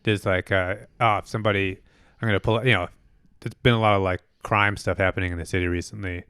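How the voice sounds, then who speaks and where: A man's voice: low-pitched, fairly even intonation, quick pace, a bit bright, smooth, dry recording. A man hosting a podcast in casual chat, talking things through with many restarts and easy laughs. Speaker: podcast host.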